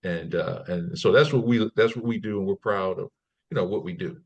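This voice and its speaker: A man's voice: sits low, fairly quick, slightly rough, lo-fi sound. A man as a podcast guest, talking casually and acting out quoted people in raised voices, often repeating and restarting words. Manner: animated storyteller, acts out quotes in raised voices. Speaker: guest, trading company CEO. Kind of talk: conversational interview.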